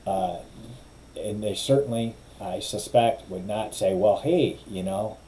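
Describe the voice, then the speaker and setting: A man's voice: on the low side, measured pace, warm tone, a little hiss or hum, low-quality recording. A middle-aged man, a lawyer, giving opinionated, wry commentary in a casual way and mimicking others' phrasing.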